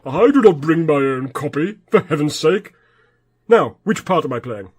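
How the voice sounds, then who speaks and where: A man acting out a vain, grandiose stage actor, booming and exasperated, forever put out by everyone around him. His voice sits a little high for a man, and his sketch-comedy delivery stays pompous and theatrical. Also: expressive, moderate pace, breathy edge. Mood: indignant.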